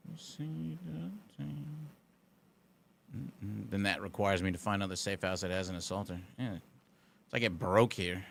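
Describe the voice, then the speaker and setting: A man's voice: low voice, steady tone, brisk, a bit bright. A man streaming a game live, chatting casually and answering his chat with dry, sarcastic banter. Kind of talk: casual gaming commentary.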